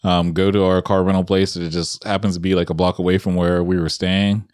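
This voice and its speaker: An easygoing man in casual chat, talking with a very deep, low voice. The sound is dry and close, with little room echo. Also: level tone, fairly quick, darkish tone. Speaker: podcast co-host.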